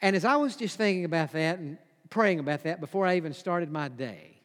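Man, sermon, higher voice, emphatic repetition, church hall reverb. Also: animated, a little fast. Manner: emphatic, repeats key phrases, drops to a hush for quoted whispers. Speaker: preacher.

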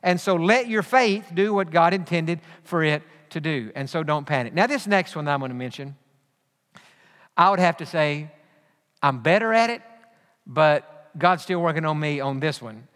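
A man's voice: on the high side, lively intonation, normal speed, a bit bright. A man preaching a sermon as pastor, earnest and repetitive, often restarting his phrases. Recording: long hall reverb.

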